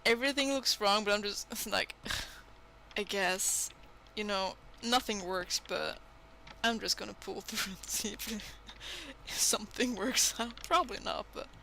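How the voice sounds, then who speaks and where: A woman's voice: medium pitch, expressive, a little slow, bright, forceful tone, a little hiss or hum. A woman guest artist chatting casually while drawing, grumbling self-deprecatingly about her work.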